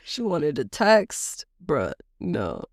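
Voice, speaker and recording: A woman co-hosting a podcast and telling a story, her pitch rising and falling all through it. She laughs often and acts out the other people in her story. Her voice is dry and close, with no room sound. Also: wildly swooping pitch, very slow, no room sound. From United States. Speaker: podcast co-host. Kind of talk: casual chat, animated storytelling.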